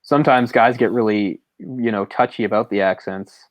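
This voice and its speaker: A man's voice: on the low side, steady tone, moderate pace, no echo, highs cut off. A man co-hosting a movie podcast, rambling and opinionated, often chuckling as he talks. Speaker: podcast co-host. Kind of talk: casual movie discussion.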